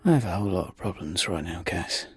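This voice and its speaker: A man's voice: low-pitched, expressive, fast talker, slightly rough, soft background music. A man talking in character in a tabletop role-play game, blunt and earnest. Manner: blunt, earnest, grows quiet and reflective.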